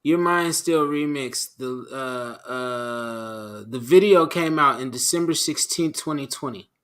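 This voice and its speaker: A man co-hosting a podcast in casual chat. His voice is bright and crisp, and he pushes back with easygoing skeptical questions. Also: medium pitch, slow. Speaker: podcast co-host.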